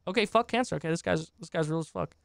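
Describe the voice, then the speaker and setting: A man hosting a live reaction stream, cursing and firing back at what he reads on screen. His voice is worn hoarse from hours of talking. The sound is dry and close, with no room echo. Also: fairly high pitch, fast. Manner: profane, exclaiming, talks back at what he reads. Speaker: streamer reacting to online drama.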